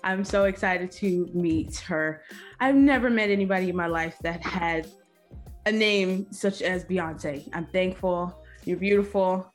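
A woman hosting a casual interview over a video call, bubbly and chatty, repeating how excited and nervous she is. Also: lowish voice, a little slow, soft background music. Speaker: podcast host. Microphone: computer mic on a video call.

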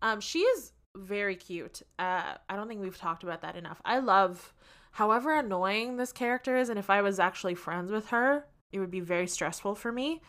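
Bright-voiced young woman co-host. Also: mid-range voice, animated. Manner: chatty, quick to laugh. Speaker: podcast co-host. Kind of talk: casual chat.

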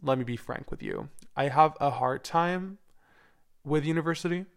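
A man's voice: on the high side, moderate pace, creaky. A man in his twenties talking casually on his own podcast, rambling and candid, with lots of fillers and the odd swear word. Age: 20s. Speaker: podcast host; university music student. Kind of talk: casual solo podcast chat.

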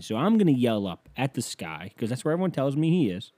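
A man hosting a podcast, delivering a casual comedic monologue in a profane, ranting way that breaks into mock yelling. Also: medium pitch, big pitch swings, fast, few pauses, no echo. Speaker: podcast host.

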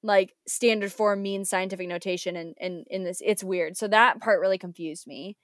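A woman's voice: medium pitch, steady tone, normal speed, dry recording, clean studio sound. A young American woman, a teacher, talking casually in a conversation with many fillers and restarts. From United States.

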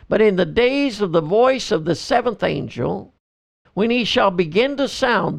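A man, a pastor and podcast host, teaching through a Bible book verse by verse, reading scripture in slow measured phrases. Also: sits high, vocal fry.

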